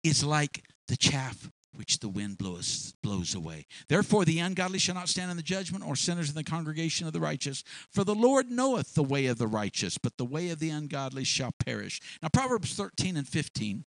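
A man's voice: a little high, big pitch swings, fairly quick, few pauses, no room sound, low-quality recording. A man preaching a sermon in a storytelling way, drawing out key words for emphasis and often restarting his phrases.

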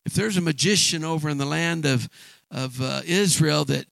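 A man's voice: on the high side, normal speed, gravelly, a bit bright, dry recording. A man voicing a proud foreign army commander who is blustering and indignant, in a retold story. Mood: eager.

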